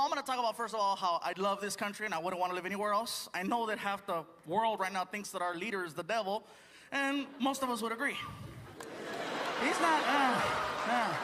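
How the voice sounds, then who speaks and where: A man's voice: high-pitched, fast talker, very noisy. A man performing a stand-up comedy set on stage, talking playfully and slipping into character voices. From United States. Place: comedy stage before a live audience. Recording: live stage mic with crowd laughter. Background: audience laughing and cheering.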